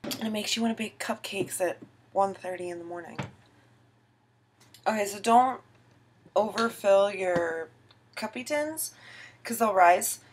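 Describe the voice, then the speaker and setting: A woman's voice: medium pitch, unhurried, long pauses, slight background noise. A tipsy young woman filming a casual baking tutorial in her home kitchen, giggly, rambling and self-mocking.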